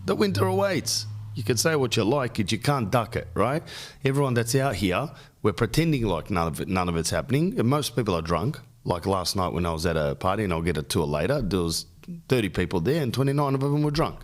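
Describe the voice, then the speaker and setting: Rambling jokey Australian man, lowish voice. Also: very animated, brisk. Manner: rambling, jokey, riffs on lists. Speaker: podcast host. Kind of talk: casual storytelling monologue.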